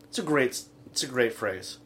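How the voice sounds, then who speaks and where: A man co-hosting a comedic radio talk show, retelling scenes in a rambling, halting way full of fillers. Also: medium pitch, animated, fairly bright tone, slight background noise. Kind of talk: casual comedic chat.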